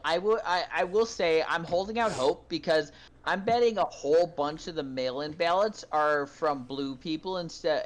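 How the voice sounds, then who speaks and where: A podcast co-host in casual livestream chat, blunt and venting, swearing freely. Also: mid-range voice. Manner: blunt, swears a lot, vents angrily.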